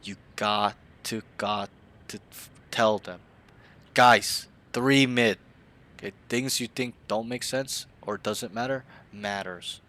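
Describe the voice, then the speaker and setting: A man's voice: fairly low pitch, fairly even intonation, slow, bright, forceful tone. A man coaching a player in a casual game review, blunt and slangy, often swearing.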